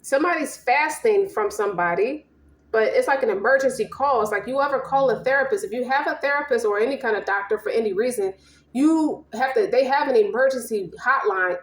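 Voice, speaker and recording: A woman's voice: fairly high pitch, brisk, reverberant. A woman giving a casual tarot reading, slangy and profane, rambling and emphatic. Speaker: tarot reader.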